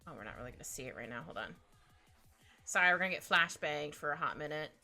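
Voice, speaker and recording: Giggly bright-voiced woman. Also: low voice, lively intonation, fast talker, gravelly. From Canada. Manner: giggly, rambling, playful asides. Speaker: streamer drawing live. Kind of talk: casual chat while drawing. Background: faint music playlist.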